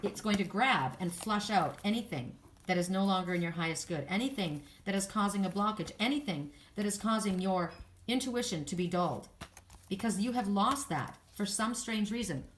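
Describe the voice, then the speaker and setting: A woman's voice: medium pitch, expressive, normal speed, a little hiss or hum. A woman giving a spiritual oracle card reading, speaking in an earnest, soothing way with affirmations.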